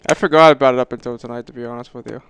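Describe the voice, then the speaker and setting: Gravelly deadpan man on a podcast. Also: medium pitch, rapid-fire, dry recording. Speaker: prosecutor and regular co-host. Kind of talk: casual chat.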